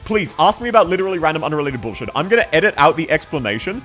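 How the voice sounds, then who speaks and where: A young man chatting with his live-stream audience as he plays, his voice climbing and dipping with lively swings. He rambles from tangent to tangent, swears freely and laughs a lot, with faint game music under him. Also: on the high side, racing. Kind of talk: casual live-stream chat while gaming.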